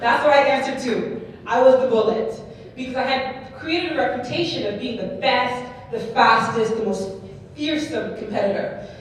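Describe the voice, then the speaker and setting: A woman giving a keynote speech, telling her story in a lively way and often checking in with the audience. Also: on the high side, normal speed, a little hiss or hum. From Canada. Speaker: keynote speaker. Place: large hall before an audience. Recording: echoey hall, mic far off.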